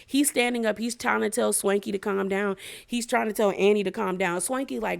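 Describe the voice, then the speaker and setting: A woman's voice: mid-range voice, steady tone, fairly quick, creaky, few pauses. A woman recapping a reality show in a casual, opinionated, slangy way, talking straight to her viewers. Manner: gossipy, opinionated, slangy, addresses viewers directly.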